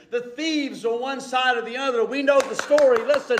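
A man preaching a sermon as pastor, swinging between loud and hushed and calling out for amens. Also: very high voice, fairly even intonation, moderate pace, reverberant, background noise. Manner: calls out for "Amen?" from the congregation.

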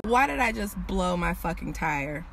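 A woman talking casually into her phone while sitting in her truck and walking outdoors, chatty and animated, swearing freely. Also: lowish voice, moderate pace, creaky. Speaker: vlogger. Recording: outdoor noise and traffic.

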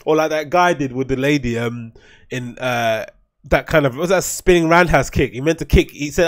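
A man's voice: medium pitch, brisk. A man hosting a solo podcast, rambling and swearing as he comments on videos. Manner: rambling, swearing, laughing often. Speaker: podcast host.

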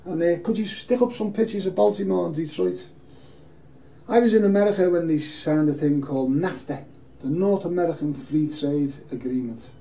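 A man's voice: on the high side, normal speed, creaky, warm tone. A man speaking unscripted and emotionally in a film studio, rambling and earnest. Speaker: campaigner making an appeal video. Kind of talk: unscripted personal appeal. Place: film studio in front of a green screen. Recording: roomy, distant mic, faint hiss.

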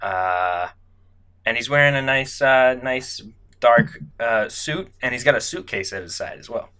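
A man with a bright, forward voice chats casually as a guest player. He rambles through his descriptions, stacking up pauses and fillers while he thinks aloud. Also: mid-range voice, smooth. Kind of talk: casual game chat.

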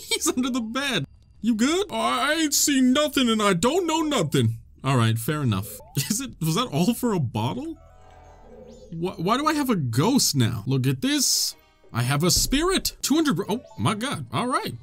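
A man giving excitable, joking gameplay commentary, laughing often and talking to the characters on screen. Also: a little high. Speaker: gamer.

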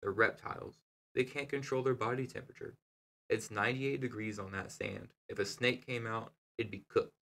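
A man's voice: mid-range voice, normal speed, fairly bright tone, lightly acted. A man doing a confident, joking family father. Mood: reassuring. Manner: reassuring, firm.

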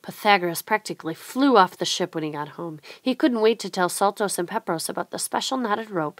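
A woman reading a children's storybook aloud in a clear, measured way. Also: medium pitch, no room sound. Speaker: storybook reader.

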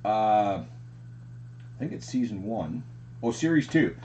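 A man hosting a card collecting unboxing, talking casually and getting excited over the cards. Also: fairly low pitch, measured pace, slight background noise. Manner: excited, says "frickin' sick". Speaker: card collecting channel host.

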